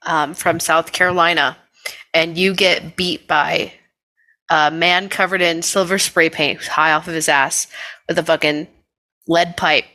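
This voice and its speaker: A woman's voice: low voice, unhurried. A young woman co-hosting a podcast, telling stories in casual, crude, joking chat. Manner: crude, joking, animated storyteller. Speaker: podcast co-host.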